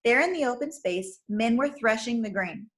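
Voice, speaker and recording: A woman, a teacher, reading a chapter book aloud in a clear, careful manner. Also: on the high side, expressive, normal speed, noisy background.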